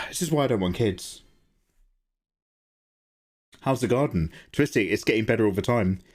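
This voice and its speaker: A man hosting a live drawing stream, chatting casually and reacting to viewer messages, laughing often. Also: normal speed. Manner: chatty, animated, laughs often, jumps to high pitch when excited. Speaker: art livestream host. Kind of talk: casual chat while drawing, reading chat.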